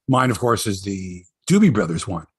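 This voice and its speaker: Middle-aged man, husky voice, lively swooping pitch, casual podcast chat, dry close sound. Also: unhurried, no echo. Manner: animated, chatty storyteller. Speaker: sports podcast host.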